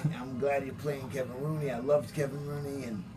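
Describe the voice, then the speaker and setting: A man's voice: mid-range voice, fairly even intonation, quick pace, poor audio. A man, a former boxer, telling stories as a podcast guest, acting out quoted lines and swearing freely. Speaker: guest, former boxing champion. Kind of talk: casual storytelling chat.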